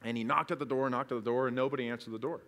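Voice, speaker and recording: A man's voice: medium pitch, fairly even intonation, very fast, a bit bright, in a large hall. A man preaching a sermon at a church service, telling stories and asking rhetorical questions, earnest and building to emphatic peaks. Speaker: pastor.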